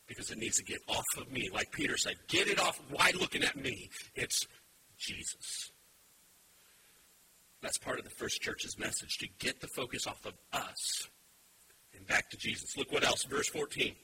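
A man preaching a sermon as pastor, emphatic, swinging from quiet asides to loud shouted points. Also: high-pitched, normal speed, gravelly, long pauses. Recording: steady background hiss.

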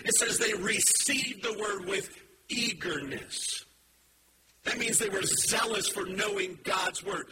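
A man's voice: high-pitched, takes it slowly, noisy background. A man preaching a sermon from a church stage, talking casually and then rising into emphatic exhortation. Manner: animated, builds to emphatic exhortation. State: has a headache.

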